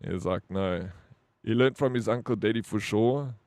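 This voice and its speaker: A man's voice: medium pitch, a little fast, darkish tone, no echo. Blunt South African man streaming. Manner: blunt, profane, rambling with frequent "bro". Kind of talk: casual live-stream chat.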